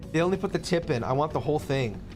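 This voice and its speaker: A man from the Philippines chatting casually and profanely while streaming a game, with rambling asides and jokes. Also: on the high side. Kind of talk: casual live-stream chat over gameplay. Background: game music.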